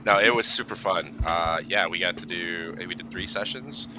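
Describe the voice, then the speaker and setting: A man's voice: low voice, normal speed. A man, a player on a game stream, chatting casually in a laid-back, joking way. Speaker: player on the show. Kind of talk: casual chat. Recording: noisy background.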